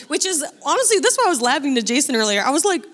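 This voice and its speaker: A young woman, a missionary speaker, telling a lively faith testimony with laughter and acted-out dialogue. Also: high voice, quick pace. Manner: animated, laughing, acts out dialogue. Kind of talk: testimony storytelling.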